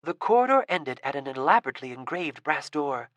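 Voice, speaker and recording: A woman reading a fantasy audiobook with a low voice. Her narration is steady and expressive, recorded dry and close with no room sound. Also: fairly quick, no echo. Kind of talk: scripted narration.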